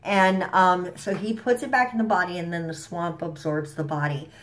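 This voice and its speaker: Woman vlogger, slightly low voice, stuffy, casual slangy show recap to camera. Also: steady tone, normal speed. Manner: chatty, rambling, enthusiastic, with frequent fillers and slang. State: stuffy from allergies.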